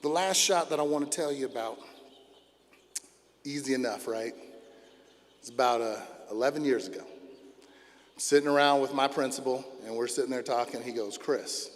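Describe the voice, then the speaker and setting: A middle-aged man giving a storytelling graduation speech as a school principal, acting out the people in his stories with big swings in loudness. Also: mid-range voice, normal speed, pauses often. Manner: animated, acts out quotes with big swings in loudness. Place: large outdoor amphitheater. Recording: long echo of a big outdoor venue.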